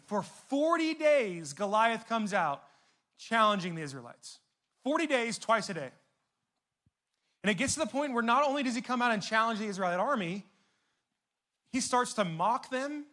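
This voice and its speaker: A man delivers a youth sermon in a loose, chatty style full of slang and asides. His voice sits high and sounds bright and forceful. He keeps the energy up as he talks to young listeners. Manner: casual, animated, conversational with slang. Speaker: youth pastor.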